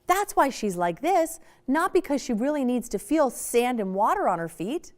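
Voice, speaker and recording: A woman leads a parenting workshop in an animated, conversational way and speaks straight to the audience. Her fairly high voice moves through a very lively pitch range, and she acts out examples as she goes. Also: normal speed.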